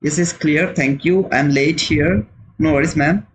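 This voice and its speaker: A man's voice: fairly high pitch, a little slow, background noise. A man hosting a live trading stream, chatting casually and answering viewers' comments, with frequent repeated words. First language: not English. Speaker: trading livestream host.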